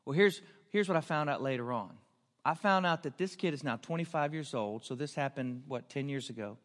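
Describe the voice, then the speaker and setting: A man's voice: medium pitch, brisk, a bit bright. A man preaching a storytelling sermon, earnest and building to emphatic questions. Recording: long hall reverb.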